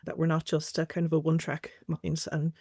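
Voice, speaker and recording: Low-voiced Irish woman, casual chat. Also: fairly quick, creaky, no room sound, clean studio sound. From Ireland. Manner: relaxed, with frequent "um" fillers. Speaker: conference organizer, guest.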